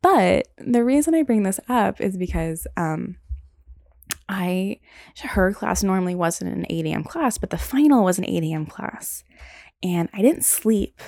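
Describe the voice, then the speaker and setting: A woman's voice: lowish voice, darkish tone, dry recording, clean studio sound. A young woman hosting a solo podcast, telling stories casually with lots of "like" and "um". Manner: casual, rambling, frequent "like" and "um". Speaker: podcast host.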